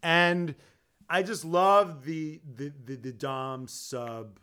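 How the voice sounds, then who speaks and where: A man's voice: fairly high pitch, lively intonation, extremely slow, pushed and bright, clean tone. A man co-hosting a podcast, joking and riffing crudely in casual sports chat. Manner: joking, bawdy riffs. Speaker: podcast co-host.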